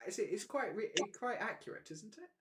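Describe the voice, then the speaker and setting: A male live-stream host who talks in a loose, rambling way, full of fillers and restarts. His voice sits a bit high and moves around a lot in pitch, lively and expressive. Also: a little fast, crowd noise. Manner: rambling, hesitant, laughs often. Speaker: livestream host. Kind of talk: casual live-stream chat.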